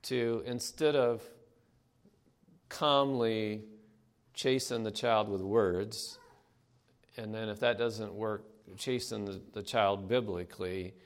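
An older man giving a conversational sermon, pausing often and clearing his throat between thoughts. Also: fairly low pitch. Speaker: preacher. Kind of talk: sermon with anecdotes.

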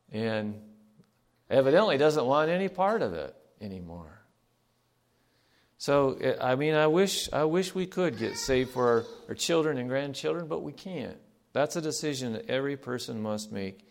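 A man preaching a sermon at a middle pitch, reading scripture aloud and putting questions to his listeners. He leans on key words by slowing down, then lets his voice sink soft and low at the close of a thought. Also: vocal fry. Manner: slows down for emphasis, asks the congregation questions. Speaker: pastor.

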